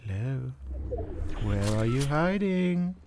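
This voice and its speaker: A man doing jokey game commentary, talking to himself with sudden excited yelps. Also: mid-range voice, slow pace, very noisy. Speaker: gaming channel host.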